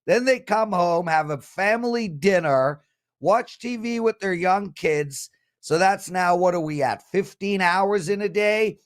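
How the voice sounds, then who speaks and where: A man's voice: high voice, a little slow. A man hosting a sports betting show, chatty and mocking as he reads out viewer comments and answers them. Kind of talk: casual panel talk.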